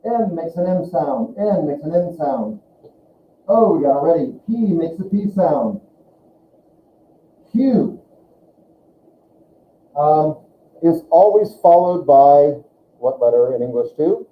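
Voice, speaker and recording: A male teacher giving a classroom language lesson, slowly drawing out sounds as he demonstrates them. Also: a little high, animated, slight background noise. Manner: slow, drawn-out demonstration of sounds. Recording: echoey classroom over a tinny line.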